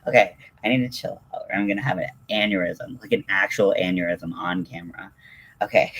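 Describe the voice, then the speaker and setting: A man hosting a casual crafting livestream, reading chat and reacting with excitable gushing between lots of ums and restarts. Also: deep voice, quick pace.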